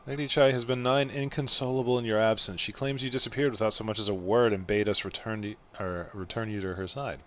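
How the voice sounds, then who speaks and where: A man voicing a courteous fantasy adventurer, reading old-fashioned, courtly game dialogue aloud in a calm, steady way. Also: mid-range voice, fast talker, few pauses, faint music behind, natural voice. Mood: polite.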